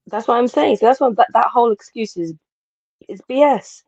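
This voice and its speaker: A woman co-hosting a podcast in casual chat, emphatic and quick to repeat her point. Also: a little high, a little mellow, no room sound, dull audio. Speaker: podcast co-host.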